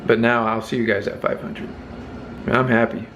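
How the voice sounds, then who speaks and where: A man's voice: medium pitch, little pitch movement, moderate pace, fairly bright tone, a little hiss or hum. A man hosting his own channel, chatting casually and upbeat about reaching subscriber milestones. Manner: upbeat, laid-back, celebrating milestones. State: scratchy just-woke-up voice. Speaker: YouTube channel host. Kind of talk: casual check-in vlog.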